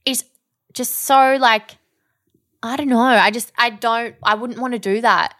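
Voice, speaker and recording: Bright-voiced young woman, blunt. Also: a little high, fairly even intonation, unhurried. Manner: blunt, swears freely, dry banter, laughs often. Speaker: podcast co-host. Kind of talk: casual chat.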